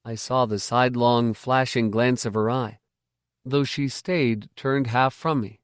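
A man narrating a first-person novel in a measured, reflective way. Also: mid-range voice, fairly even intonation, clean tone, no room sound, clean studio sound. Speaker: audiobook narrator.

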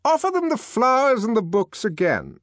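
A man voicing a pompous middle-aged male director in an audiobook, issuing loud, commanding, triumphant pronouncements. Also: very high-pitched, wildly swooping pitch, moderate pace, no room sound, clean studio sound, pitched above the performer's own voice, heavily acted. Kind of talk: audiobook character voice.

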